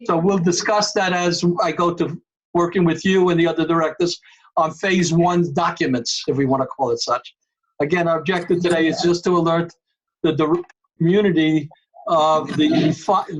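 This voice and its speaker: A man's voice: a little high, highs cut off. A man chairing an online board meeting over a video call, emphatic and calling on members by name.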